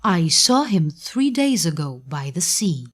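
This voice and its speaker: A woman voicing a kindly, helpful talking parrot in a storybook, speaking loudly and coaxingly. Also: on the low side, sing-song, unhurried.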